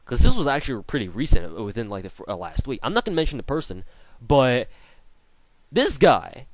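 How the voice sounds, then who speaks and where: A young man rants at his critics, angry and sarcastic, swearing freely. His pitch swings widely as he works himself up. The recording is close and dry, with no room sound. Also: very animated, brisk, dry recording. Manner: angry, profane, sarcastic ranting. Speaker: YouTuber. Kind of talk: ranting vlog commentary. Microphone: off-camera voice recording.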